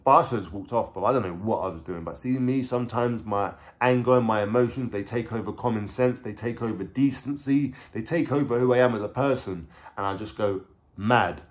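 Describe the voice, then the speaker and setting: A man's voice: on the low side, brisk. Streetwise London man telling a story. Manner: streetwise slang with swearing. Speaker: vlogger. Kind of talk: casual storytelling.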